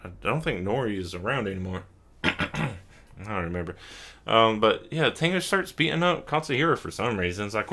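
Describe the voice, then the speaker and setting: A man's voice: fairly low pitch, expressive, moderate pace, bright, forceful tone. A drunk young man hosting a casual anime recap, rambling with lots of fillers, swearing and chuckling. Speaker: host.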